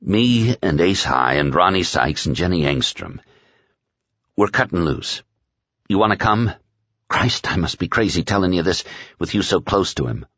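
A man reading aloud and voicing a nervous, miserable male crony who speaks in a hesitant, subdued, low way. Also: expressive, normal speed, fairly bright tone, no room sound, muffled recording. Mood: anxious.

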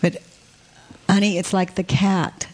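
A woman leading a group workshop, speaking gently and coaxingly to participants and calling them honey. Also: mid-range voice, flat delivery, unhurried, husky. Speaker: workshop leader.

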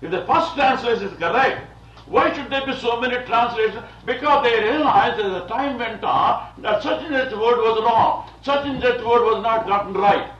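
A man's voice: very high-pitched, normal speed, hardly any pauses, fairly bright tone, a little hiss or hum. A man from India giving a digressive, lecture-style sermon as a visiting Bible teacher, often chuckling and saying "you see". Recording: dull, roomy, distant old recording.

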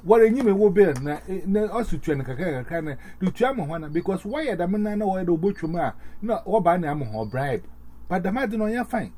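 A man, chatting in a halting, rambling way with many fillers and restarts. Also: high voice, sing-song, mellow. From Ghana. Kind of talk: casual chat.

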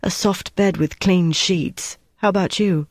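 A narrator voicing a tough, tired female wartime agent who speaks briskly and wryly. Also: medium pitch, fairly even intonation, no room sound, studio quality, natural voice. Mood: wistful.

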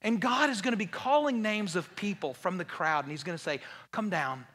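A man preaching a conversational, joking sermon, full of restarts and repeated words, and going low and quiet when he quotes Jesus. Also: brisk, hardly any pauses. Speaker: pastor. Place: large church hall. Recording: long hall reverb.

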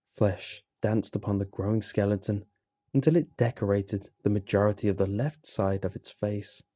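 A man narrating a horror story in a slow, grim, measured way. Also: on the low side, steady tone, mellow, slightly rough, no echo, clean studio sound.

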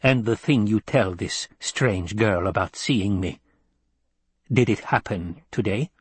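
A man's voice: fairly low pitch, slow pace, husky, no echo, heavily acted. A man voicing a stern, domineering old woman elder in an audiobook reading, with a commanding, clipped manner. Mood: probing. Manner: commanding and clipped, softening at times.

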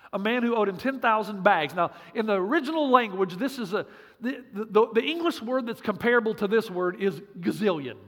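High-voiced joking preacher in a hall. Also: male voice, fairly bright tone. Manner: punchy, joking preacher with emphatic repeats. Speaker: pastor. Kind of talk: sermon.

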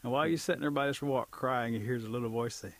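A man telling a folk tale in a relaxed way, acting out the characters' lines as he goes. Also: mid-range voice, fast talker, no room sound. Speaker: storyteller. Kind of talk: oral folk storytelling.

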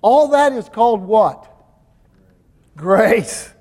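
Older man preaching, high voice in a reverberant hall. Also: sing-song, very slow. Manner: questions the congregation and answers himself; swings between loud emphasis and soft intimate asides. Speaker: pastor. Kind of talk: sermon.

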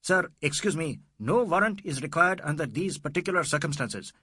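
A man putting on a shrill, nervous police inspector. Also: expressive, normal speed, sharp tone, husky, no room sound, studio quality, full character voice. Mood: anxious. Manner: anxious, fussy, wailing. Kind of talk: audiobook character voice.

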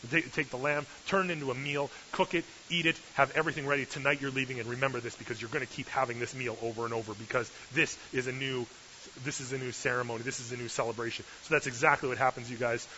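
A man preaching an animated sermon, telling the story with acted-out voices and dropping from hushed tones to loud bursts. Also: medium pitch, fast talker. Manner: lively, acts out voices, shifts from hushed to loud. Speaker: pastor. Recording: dull lo-fi recording with faint hiss.

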